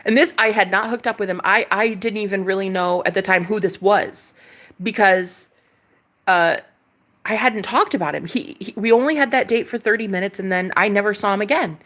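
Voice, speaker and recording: A woman vlogger telling a casual story, excitable and gushing, laughing often. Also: mid-range voice, moderate pace. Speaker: tarot reader vlogger.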